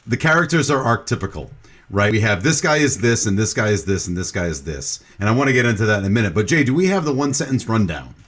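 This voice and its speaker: A man's voice: mid-range voice, a bit bright. A man hosting a casual podcast movie review, talking in a rambling, hesitant way. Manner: rambling, hesitant, lots of fillers and restarts. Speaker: podcast host.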